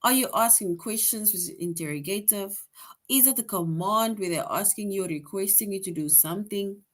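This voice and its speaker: Patient woman teaching grammar to kids. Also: medium pitch. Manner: explains patiently, tag question "right?" after most points; reads example sentences slowly with emphasis. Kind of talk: online grade-school grammar lesson.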